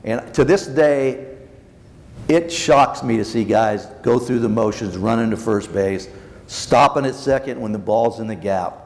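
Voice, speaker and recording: A man's voice: mid-range voice, measured pace. An older man, a former baseball manager, telling blunt anecdotes at a luncheon Q&A and acting out the dialogue. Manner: blunt, acts out quoted dialogue. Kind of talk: anecdotal storytelling in a Q&A. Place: large banquet hall. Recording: long reverb in a large hall, faint room noise.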